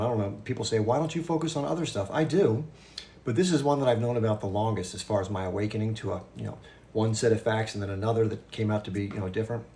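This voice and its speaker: A fast-talking man in his fifties holds a casual livestream chat with his viewers, his voice sitting on the low side. He rushes through his points, breaks off into asides and restarts himself. A faint hiss of noise runs behind him. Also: dark tone. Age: 50s. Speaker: livestream host.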